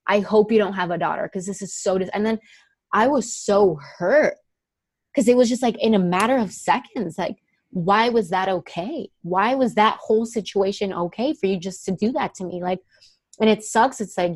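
A young woman from Miami, an actress, telling personal stories in a candid interview, animated and full of fillers. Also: mid-range voice, no echo. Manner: animated storytelling, many fillers, acts out quoted voices. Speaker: actress guest.

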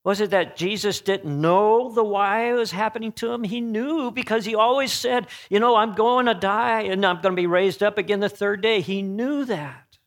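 A man preaching an earnest sermon. He swings between emphatic peaks and hushed, solemn passages, and often corrects himself mid-phrase. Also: high voice, moderate pace. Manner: frequent self-corrections and restarts.

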